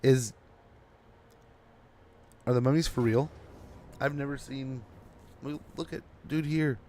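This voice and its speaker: A man's voice: mid-range voice, fairly even intonation, takes it slowly, dark tone, a little hiss or hum. A man streaming a strategy game, chatting casually and rambling to his viewers, sounding sleepy. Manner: chatty and rambling, talking to chat while playing. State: drowsy. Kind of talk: casual gameplay commentary.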